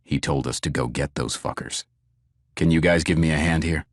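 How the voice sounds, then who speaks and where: A man voicing a gentle, steady male survivor who speaks low and calmly in an audiobook. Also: normal speed, no room sound, studio quality. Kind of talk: audiobook character voice.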